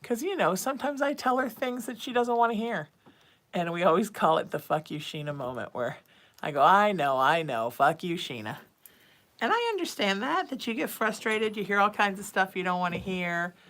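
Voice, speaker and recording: A woman's voice: mid-range voice, animated, fairly quick, fairly bright tone. A woman hosting a psychic livestream, chatting casually and reading viewer texts aloud. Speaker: psychic medium livestream host.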